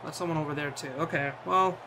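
A man's voice: a little high, steady tone, quick pace, bright, forceful tone, slight background noise. A man giving casual commentary as he plays a cricket video game, bantering, swearing and talking to his player on screen.

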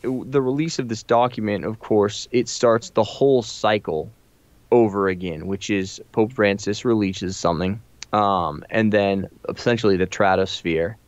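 A man's voice: lowish voice, no room sound. A man hosting a podcast, talking through church news in a loose, rambling way with plenty of ums. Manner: rambling, many ums and restarts. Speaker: podcast host. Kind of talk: casual commentary chat. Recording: dry, slightly muffled audio.

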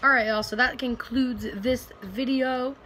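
A woman's voice: on the high side, steady tone, a little slow, noisy background. A young woman, rambling casually to camera in a home vlog, full of fillers and restarts. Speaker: vlogger. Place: at home, indoors.

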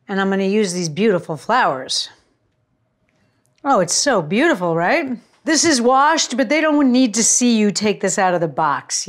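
A woman hosting a cooking show, chatting to viewers in a gushing, casual way as she demonstrates a recipe. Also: mid-range voice.

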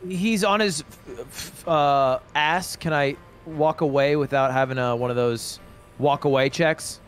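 A man with a somewhat high voice plays a tabletop game and casually thinks aloud about his moves. He checks the rules with the game master as he goes. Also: measured pace, faint music behind. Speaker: player. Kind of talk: tabletop game play over a call.

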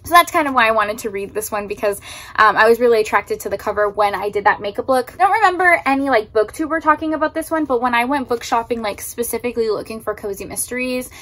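Chatty bright-voiced woman book vlogger. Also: a little high, animated, quick pace. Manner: chatty, gushing, says "like" a lot. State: teary, crying happy tears. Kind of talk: casual vlog chat. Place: in her car.

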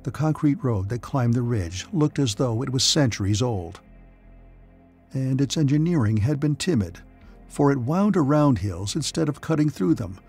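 A man narrating a science fiction audiobook in a steady, measured way. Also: mid-range voice, slightly rough, faint music behind. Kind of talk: scripted narration.

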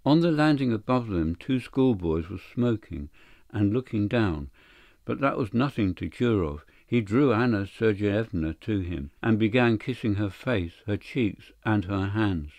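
A man narrating a classic short story in a measured, steady audiobook reading. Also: on the low side, no room sound. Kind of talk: scripted literary narration.

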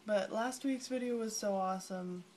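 A young woman talks into her phone camera at arm's length, chatty and giggly, rambling from one thought to the next. Her voice sits at an ordinary middle pitch. A faint hiss and room ambience hang behind her. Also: normal speed, darkish tone. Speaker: vlogger. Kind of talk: casual vlog chat to friends.

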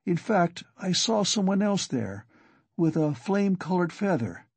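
A man's voice: high voice, sing-song, unhurried, creaky, darkish tone, slightly rough, dry recording, voice pushed up, exaggerated voice. A man voicing a feverish, weak young man. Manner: strained and fretful. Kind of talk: audiobook character reading.

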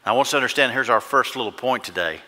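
A man's voice: medium pitch, expressive, very fast, sharp tone. A male pastor preaching a fervent sermon in a church and often asking the congregation questions. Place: church sanctuary. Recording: echoey church hall.

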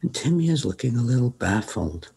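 A man's voice: medium pitch, big pitch swings, brisk, creaky, dark tone, slightly rough. An older man, a psychiatrist, frankly telling stories about cases he has seen. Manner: retells cases, quoting patients in his own voice; frank, opinionated. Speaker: psychiatrist guest. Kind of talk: anecdotal storytelling.

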